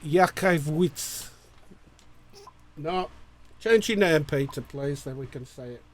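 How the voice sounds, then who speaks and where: A man's voice: fairly high pitch, lively intonation, moderate pace. A man, co-hosting a casual livestream and jokingly reading out viewer greetings. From England. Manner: jokey, bantering, stumbles over names.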